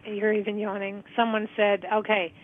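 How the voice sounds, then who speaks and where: A woman's voice: medium pitch, level tone, moderate pace. A woman co-hosting a call-in radio show, reading out listener messages and asking the host clarifying questions. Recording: tinny phone-line radio sound.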